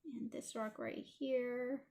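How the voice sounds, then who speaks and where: A woman's voice: a little high, steady tone, slow pace, darkish tone, a little hiss or hum. A woman with a Toronto Canadian accent hosting a casual drawing tutorial, chatting and apologizing in asides while she inks. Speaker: art tutorial host.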